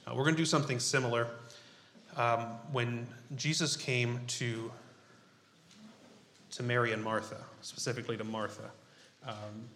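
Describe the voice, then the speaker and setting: A man's voice: mid-range voice, bright, forceful tone, slight background noise. Man preaching in an echoey room. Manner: unhurried, halting with frequent fillers. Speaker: pastor. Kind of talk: sermon with group scripture reading. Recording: roomy echo.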